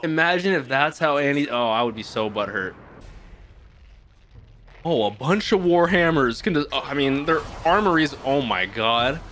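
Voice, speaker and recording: A young man hosting an anime reaction, talking in casual slang with some swearing, swinging from hushed awe to loud excited outbursts. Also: mid-range voice, normal speed, a little hiss or hum. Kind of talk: live reaction commentary.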